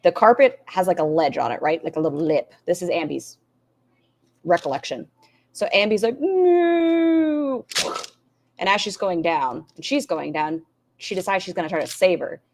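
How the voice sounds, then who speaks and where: A middle-aged woman reacting to clips on a stream, sarcastic and full of animated asides. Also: deep voice, a little fast, slight background noise. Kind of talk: casual commentary on clips.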